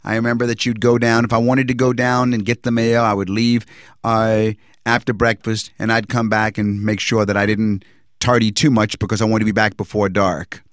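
A man telling a personal religious testimony in an earnest, reflective way, pausing and restarting as he recalls events. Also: lowish voice, little pitch movement, no echo, studio quality.

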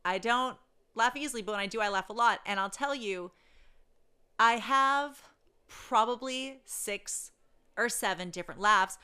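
A woman telling a story in a casual rant, blunt and profane, swinging between loud outbursts and low asides. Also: smooth.

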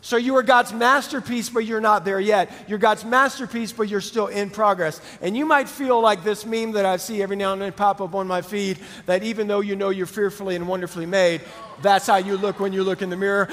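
A middle-aged man preaches in a relaxed, storytelling way, his voice sitting high for a man. He talks like he is chatting with friends, with quick laughs mixed in. The sound carries a long reverb from a large church hall. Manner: conversational, animated storytelling with laughs. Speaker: pastor. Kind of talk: sermon with personal story. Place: church auditorium.

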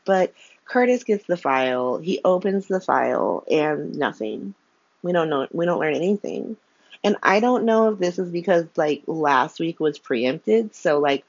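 A woman talks through a soap opera recap from her room in a candid, exasperated way, full of "like" and casual swearing. Her voice sits a little low. The recording is dry and a bit dull, close and without room sound. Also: gravelly, a little mellow, no echo. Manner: candid, exasperated, profane, lots of "like". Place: home room by a window.

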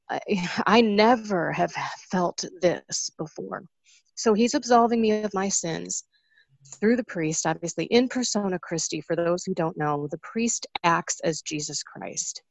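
A woman in her forties tells her story in an earnest, emotional way, her voice sitting low with a gravelly fry. The sound is close and dry, with no room around it. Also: unhurried, dry recording. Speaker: guest sharing a faith story. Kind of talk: personal testimony in an interview.

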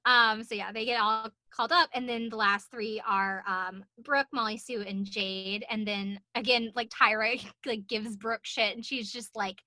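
A woman's voice: a little high, measured pace, hardly any pauses, sharp tone, no room sound. A young woman co-hosting a podcast, chatting casually about a show, swearing and laughing often. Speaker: podcast co-host. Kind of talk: casual recap chat.

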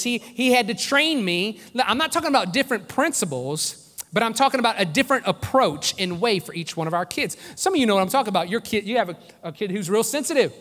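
A man's voice: high-pitched, animated, fast talker, fairly bright tone. Earnest male pastor in a reverberant hall. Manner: earnest, conversational preaching with repeated restarts. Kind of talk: sermon.

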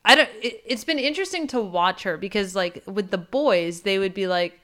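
A woman's voice: mid-range voice, animated, fairly quick, few pauses, fairly bright tone. A mother chatting casually, laughing often and acting out quotes. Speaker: parent, co-host. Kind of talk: casual chat.

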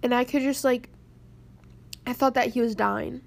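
A tearful young woman rambling through a personal story to camera, halting and close to crying. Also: fairly high pitch, fairly even intonation, gravelly. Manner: rambling, halting, many pauses. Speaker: vlogger.

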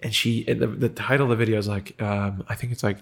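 A man's voice: lowish voice, fairly even intonation, fast, gravelly, slightly rough. A man in casual chat, emotional and swearing often, acting out the people in his story. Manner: emotional, swears freely, acts out quoted lines.

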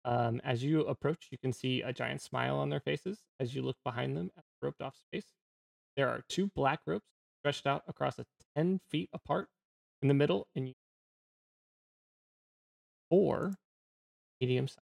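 A man's voice: mid-range voice, vocal fry, a little mellow, no echo. A man narrating a tabletop game as game master, casual and full of fillers and restarts. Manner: casual, filler-heavy, halting.

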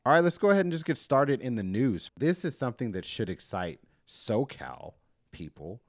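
A man's voice: mid-range voice, sing-song, moderate pace, no room sound, clean studio sound. A man co-hosting a podcast in casual, chatty talk, laughing often. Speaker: podcast co-host. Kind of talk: casual chat.

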